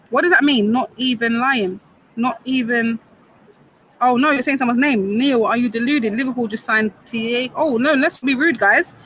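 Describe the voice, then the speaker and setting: A young woman chats brightly on a live stream, reading out viewers' comments and firing back playful banter. She is from Grenada and Saint Vincent and speaks outdoors by a football ground, with faint traffic humming behind her. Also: a little high, low-quality recording. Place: outdoors near a football stadium.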